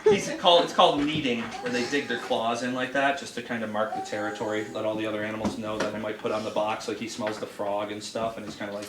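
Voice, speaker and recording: A man's voice: fairly low pitch, level tone, quick pace, few pauses. A middle-aged man, an animal handler, telling jokey stories and laughing as he talks about an animal indoors at home. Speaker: exotic animal handler and educator. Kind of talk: casual storytelling while handling an animal. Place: indoors in a house. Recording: roomy, distant home video with background noise.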